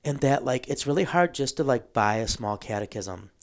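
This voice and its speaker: A man of average pitch walks through a book in a casual theological conversation. He explains at length, pausing with ums and clearing his throat now and then. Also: animated.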